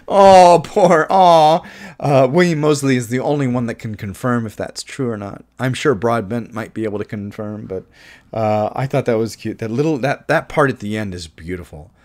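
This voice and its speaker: A man's voice: lowish voice, brisk, a little mellow. A man giving an opinionated, casual movie review, his voice jumping up when he gets emphatic. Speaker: film reviewer.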